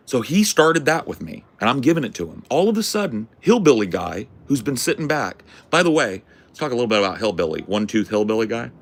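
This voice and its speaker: A man hosting a podcast, ranting through a story as a brash, profane self-declared loudmouth who keeps asking "right?". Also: mid-range voice, sing-song, quick pace, few pauses. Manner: punctuates points with "right?". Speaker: podcast host. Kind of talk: casual storytelling rant.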